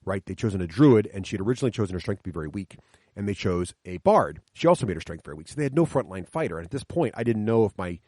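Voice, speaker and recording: Seated in a coffee shop for a podcast, a middle-aged dad tells animated stories of tabletop gaming with his kids. He's enthusiastic, breaks the rules down step by step, and performs the players' lines, speaking fast with varied pitch. The recording is close, dry, and free of echo.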